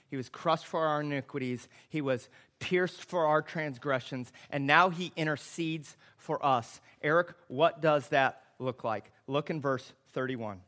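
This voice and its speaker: Male pastor, bright tone, emphatic repetitive sermon delivery that rises to loud impassioned peaks. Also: fairly high pitch. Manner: preaching, swells to loud impassioned climaxes.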